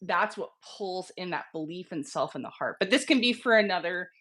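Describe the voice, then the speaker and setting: A woman guest in a casual interview, explaining with earnest, gentle warmth, her throat slightly sick. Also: fairly low pitch, expressive, brisk.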